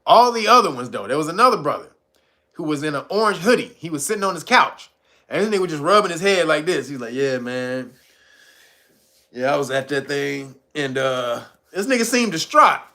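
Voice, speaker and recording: Talking fast in a voice on the high side, a man narrates a story as casual commentary. He curses freely and performs the lines of the people he quotes, all with lively energy.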